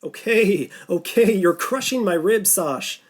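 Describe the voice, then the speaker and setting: A woman's voice: fairly low pitch, animated, brisk, a little mellow. A man voicing a weary young woman who jokes lightly in an audiobook. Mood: wry. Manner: light, wry. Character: weary young woman diver, joking through stress.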